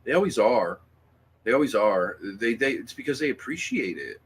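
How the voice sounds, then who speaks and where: A man's voice: mid-range voice, big pitch swings, moderate pace, slight background noise. A man hosting a casual livestream, reading viewer comments and talking in a rambling, emphatic way with lots of fillers, restarts and swearing.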